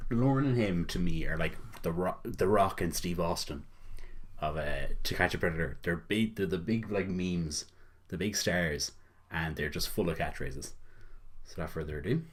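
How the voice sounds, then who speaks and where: A young man with an Irish accent chats loosely over a clip, low and husky in tone. He rambles, laughs often and drops a casual swear now and then. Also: normal speed. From Ireland. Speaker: reaction video host. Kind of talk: casual reaction commentary.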